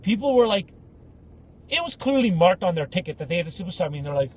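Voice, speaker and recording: A man co-hosting a podcast, telling comic stories in an animated way and acting out other people's voices. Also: sits high, quick pace, slight background noise. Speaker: podcast co-host. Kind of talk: casual comedic storytelling.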